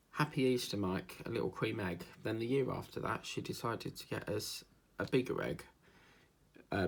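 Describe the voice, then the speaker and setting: A man from England chats away while crafting, wandering from one story to the next. His voice is gravelly and a bit husky. His pitch swings a lot as he talks. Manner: rambling, chatty, drifts into mimicked accents. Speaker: diamond painting vlogger. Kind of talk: casual chat while crafting.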